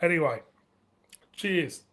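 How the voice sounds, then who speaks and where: Northern English man in middle age, loose chatty live-stream host, laughs a lot, curses casually, voice sits a bit high. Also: lively intonation, slow, fairly bright tone. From northern England. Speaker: beer review channel host.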